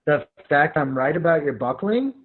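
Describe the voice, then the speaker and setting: A man's voice: on the high side, animated, moderate pace, phone-quality sound, close to an everyday voice. A man reading the part of a sarcastic young video clerk in a live script reading, teasing and lecturing. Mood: needling.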